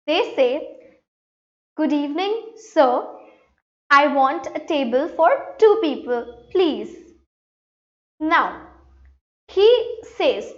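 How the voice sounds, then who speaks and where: A woman teaching a French lesson from slides, reading each French line and then explaining it in English. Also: high voice. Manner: slow, explanatory, reads French lines then translates. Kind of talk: slide-based language lesson. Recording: echoey room, dull lo-fi sound.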